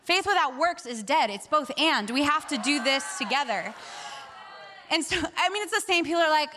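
A woman preaching a sermon to a live congregation, telling stories in an animated way and acting out both sides of the dialogue with laughs. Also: sits high, fairly quick, a little hiss or hum.

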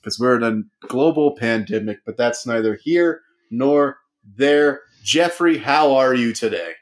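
A man's voice: medium pitch, unhurried. A man hosting a casual comedic podcast, joking around and putting on a sportscaster-style intro voice. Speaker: podcast host. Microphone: remote call recording.

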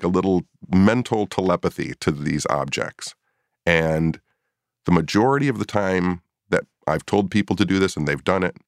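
Deep-voiced man telling a story. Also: gravelly, dry recording, studio quality. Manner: animated storyteller, acts out his own past reactions. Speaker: paranormal investigator. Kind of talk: casual storytelling in a podcast chat.

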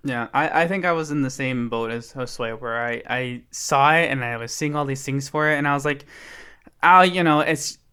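A man telling a story in casual chat, his voice smooth and resonant at a middle pitch. He rambles and restarts himself often. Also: brisk, few pauses, pushed and bright. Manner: rambling, self-interrupting storytelling. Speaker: podcast co-host.

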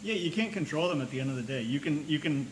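A man co-hosting a casual podcast chat, putting in wry quick comments and questions. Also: a little high, lively intonation, a little hiss or hum, low-quality recording. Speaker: podcast co-host.

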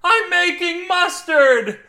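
A man voicing a giddy, manic middle-aged husband obsessed with mustard, often shouting in an audio fiction reading. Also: medium pitch, animated, normal speed, natural voice.

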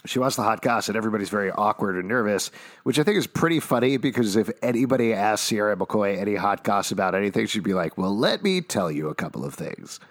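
A man with a low-pitched voice recaps a TV episode in easygoing podcast chat. He is playful and laughs easily. The sound is dry and close. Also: expressive, fast talker, no room sound. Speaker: podcast co-host.

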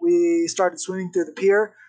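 A young man, a podcast guest, telling a story in a casual, animated way. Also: high voice, measured pace. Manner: animated, vivid retelling with acted-out quotes.

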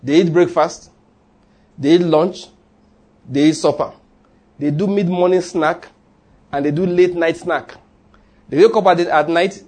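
A man's voice: high-pitched, a little mellow. A man preaching a sermon in a church, humorous and conversational, leading the congregation in call-and-response. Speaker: pastor.

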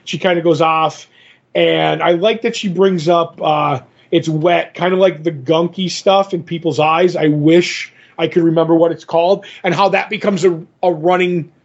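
A man's voice: fairly high pitch, fairly even intonation, normal speed. A man co-hosting a casual comic book podcast, rambling and retelling scenes in quoted voices. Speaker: podcast co-host. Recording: dull lo-fi podcast audio.

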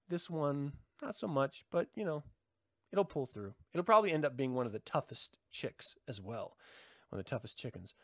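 Animated rambling man, lively pitch. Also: no echo, studio quality. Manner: rambling, joking, laughs often. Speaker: livestream host. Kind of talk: casual chat with live chat.

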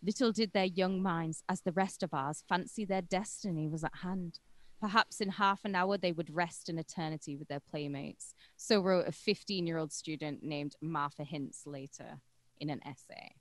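A woman's voice: lowish voice, moderate pace, no room sound. A woman co-hosting a podcast, telling a true-crime story in a casual, irreverent way with crude jokes along the way. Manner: irreverent and crude, joking between facts.

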